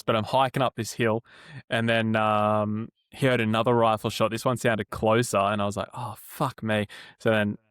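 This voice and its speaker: A man's voice: medium pitch, dry recording, studio quality. An Australian man in his twenties or thirties, co-hosting a podcast, telling a rambling anecdote with casual swearing. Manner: laid-back, swears freely, animated anecdotes. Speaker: podcast co-host. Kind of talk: casual storytelling chat.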